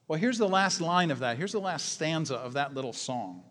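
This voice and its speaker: A man preaching a sermon, animated and emphatic, swinging between soft asides and loud exclamations. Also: a little high, fairly quick, hardly any pauses. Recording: long reverb of a large hall.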